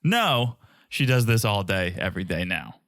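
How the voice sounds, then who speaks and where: A man's voice: on the low side, very animated, normal speed, fairly bright tone, dry recording, studio quality. A man co-hosting a podcast with his wife, chatting casually and joking in a rambling way. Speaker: podcast co-host. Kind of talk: casual chat.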